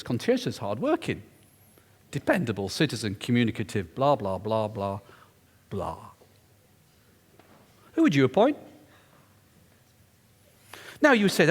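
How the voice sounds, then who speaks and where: A man's voice: medium pitch, sing-song, moderate pace, long pauses, slightly rough. A man telling a story during a public lecture, emphatic and confiding. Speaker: guest lecturer. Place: lecture hall. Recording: echoey lecture hall.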